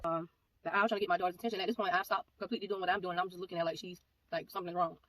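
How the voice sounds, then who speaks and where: A woman giving a personal testimony, telling the story in a rapid, animated way and acting out the back-and-forth of the exchange. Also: fairly low pitch. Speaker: ministry speaker giving a testimony. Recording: voice a bit far from mic, faint background noise.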